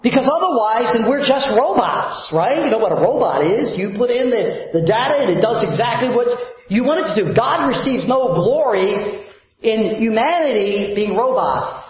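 A man preaching a sermon as pastor, who puts fill-in questions to his congregation. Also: high-pitched. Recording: very echoey, dull lo-fi sound.

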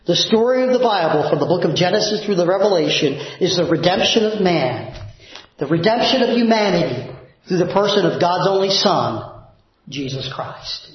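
Echoey high-voiced preaching man. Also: expressive, moderate pace. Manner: emphatic preaching, drops low and soft for prayers. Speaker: pastor. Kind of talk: sermon. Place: church. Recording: very echoey, dull church recording.

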